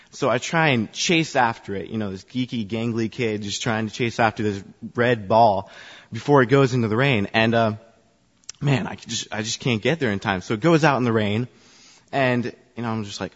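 A man on a church's youth ministry staff tells the congregation a self-deprecating story about himself, chatty and full of filler words. His voice sits in the mid-range and moves at a moderate pace. The hall echoes and the sound is dull.

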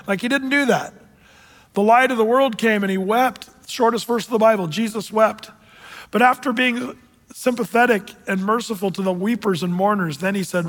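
A man with a high voice preaches to a congregation, telling stories dramatically and swinging from loud to hushed. His voice carries through a large hall with a long reverb. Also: normal speed. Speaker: pastor. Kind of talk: sermon. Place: church sanctuary with congregation.

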